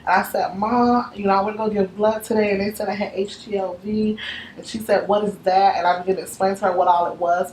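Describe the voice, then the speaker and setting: Young woman telling her story in earnest, kinda echoey room, bit of hiss behind her. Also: mid-range voice. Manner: earnest storytelling, quotes her mother in a raised voice. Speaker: interview guest. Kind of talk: testimony interview. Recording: echoey room, faint background noise.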